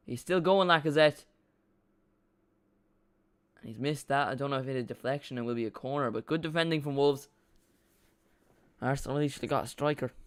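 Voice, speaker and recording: Rambling man chatting over a live match. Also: mid-range voice. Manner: rambling, chatty, repeats himself, reacts to play. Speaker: watch-along streamer. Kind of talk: casual live watch-along commentary.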